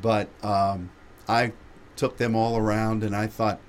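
A man hosting a radio show, telling a lively travel anecdote with laughter. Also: fairly low pitch, a little slow. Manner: animated anecdote with frequent laughter. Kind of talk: storytelling chat.

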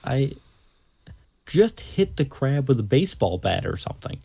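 A man's voice: medium pitch, big pitch swings, moderate pace, gravelly, mellow, slightly rough, no echo. A man guest co-hosting a podcast, rambling in wry, profane banter. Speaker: guest co-host.

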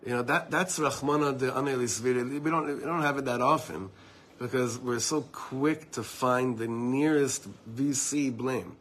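A man's voice: mid-range voice, unhurried, a bit bright, a little hiss or hum. A man giving an informal Torah talk to a small group, telling personal stories with earnest asides to his listeners. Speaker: Torah teacher.

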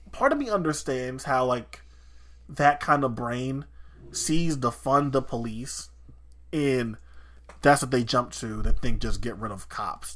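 Heated, bright-voiced podcast man. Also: medium pitch. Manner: heated, swearing, rambling with restarts. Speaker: podcast co-host. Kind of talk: casual chat.

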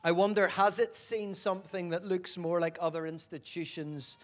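Brief: a man delivering a sermon, fairly high voice, engages listeners with questions, shifts from forceful to hushed. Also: steady tone, moderate pace. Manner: questions the audience, swings between loud emphasis and quiet. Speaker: preacher.

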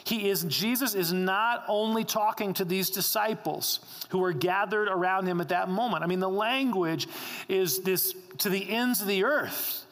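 Male pastor, fairly high voice, emphatic sermon delivery in a long-reverb sanctuary. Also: normal speed, a bit bright. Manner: emphatic, repeats key lines for stress.

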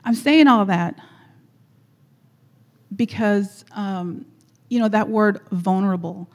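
A woman's voice: medium pitch, slow pace. A woman telling a personal story at church, chatty and rambling with frequent laughs. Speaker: guest speaker at church. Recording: echoey hall.

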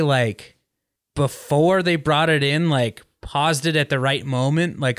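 A man spinning a rambling story on a podcast, full of likes and ums. His voice sits at a middle pitch and is recorded close and dry, with no room sound. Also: fairly bright tone, no echo. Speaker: podcast host. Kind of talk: casual podcast chat.

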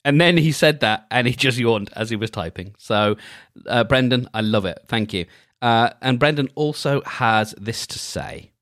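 A man hosting a solo podcast, leading a gentle, halting, reflective check-in with frequent restarts. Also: medium pitch, no echo, studio quality. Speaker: podcast host.

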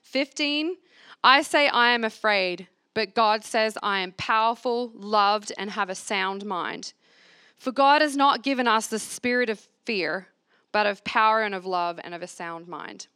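A woman's voice: medium pitch, unhurried, bright, forceful tone, smooth, no room sound, clean studio sound. A woman leading a church reflection, reading scripture aloud and asking the listeners to repeat affirmations after her. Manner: earnest, asks the room to repeat lines. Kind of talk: sermon with call-and-response scripture reading. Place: church gathering.

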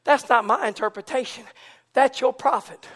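A man preaching a fervent Pentecostal sermon, moving from low conversational talk to shouted, rousing preaching. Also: moderate pace. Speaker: pastor.

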